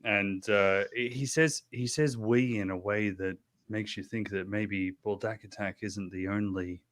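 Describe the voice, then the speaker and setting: A man's voice: lowish voice, fairly even intonation, a little slow, fairly bright tone. A man narrating as game master, with many restarts and fillers.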